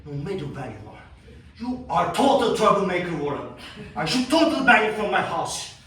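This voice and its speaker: A high-voiced, cocky young guy, as an actor plays him, rattled and swearing through a restless stage monologue. The sound is very echoey, and the mic sits some way off. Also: sing-song, moderate pace, sharp tone, full character voice. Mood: agitated rant. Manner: profane, rambling, restless. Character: cocky, rattled young man ranting about family. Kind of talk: theatrical monologue. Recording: echoey room, mic far off.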